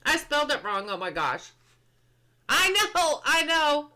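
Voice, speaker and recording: A woman's voice: high voice, very animated, unhurried, bright, forceful tone. A woman game streamer chatting casually on a live stream, reading patch notes aloud, answering chat and laughing often.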